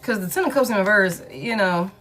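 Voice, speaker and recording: A woman's voice: medium pitch, lively intonation, brisk, fairly bright tone, soft background music. Blunt, slangy woman tarot reader. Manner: blunt, repetitive, slangy, says "you know what I'm saying". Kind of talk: casual tarot reading monologue.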